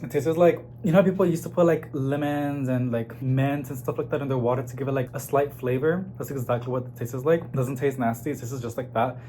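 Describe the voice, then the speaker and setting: A man chatting casually to his viewers in a home vlog, excitable and talkative, calling them y'all. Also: mid-range voice, brisk, few pauses, slight background noise. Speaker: plant vlogger. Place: home kitchen. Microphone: phone camera.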